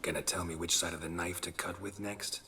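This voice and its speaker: An actor playing a gruff, dry-witted, middle-aged male monster hunter who talks in a sarcastic deadpan in game dialogue. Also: deep voice, fairly quick.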